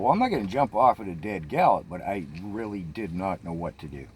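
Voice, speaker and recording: Low-voiced older man telling a tense tale. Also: very animated, darkish tone, a little hiss or hum. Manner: tense, halting retelling with many restarts. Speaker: storyteller. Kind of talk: personal storytelling.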